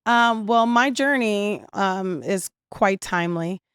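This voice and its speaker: A woman who founded and owns a restaurant, telling her story in an interview. She is lively, acts out the voices she quotes and uses many "um"s. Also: mid-range voice, slow pace, smooth, dry recording. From New York and New Jersey area. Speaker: restaurant owner and founder, guest.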